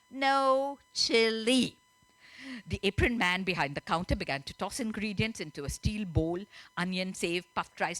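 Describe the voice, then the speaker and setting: Lively woman telling a story. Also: fairly low pitch, no room sound. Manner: lively, chatty, laughs often. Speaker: author. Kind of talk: reading aloud and storytelling at a literature festival. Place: festival stage.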